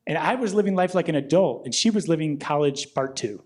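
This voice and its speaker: Deadpan fast-talking stand-up comedian man. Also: fairly high pitch. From Illinois. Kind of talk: stand-up set. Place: comedy club stage.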